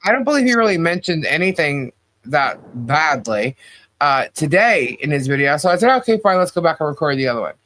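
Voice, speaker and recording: A man co-hosting a podcast in casual commentary chat, animated and quick with asides. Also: fairly high pitch. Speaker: podcast co-host.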